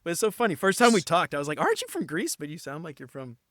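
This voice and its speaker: A man's voice: fairly high pitch, lively intonation, very fast, a bit bright, dry recording, clean studio sound. A man hosting a podcast, enthusiastic and upbeat, with casual slang. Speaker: podcast host. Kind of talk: casual interview chat and show promo.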